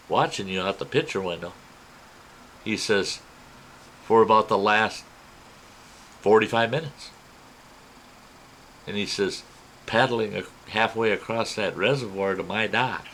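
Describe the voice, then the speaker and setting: A man's voice: lowish voice, slight background noise, poor audio. Folksy man telling a campfire story. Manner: folksy, animated retelling with quoted voices. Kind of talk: spoken personal story.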